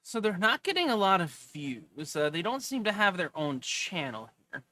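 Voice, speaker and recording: A man's voice: high-pitched, sing-song, moderate pace, sharp tone. A man hosting a casual stock video, chatting and reading a filing aloud with jokes. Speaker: host.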